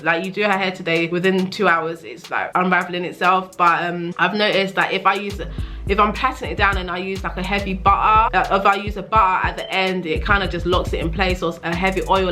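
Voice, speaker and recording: A woman in her thirties, a hair vlogger and mother, talking casually to camera in a chatty, animated way. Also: on the low side. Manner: chatty, quick and animated, with laughs.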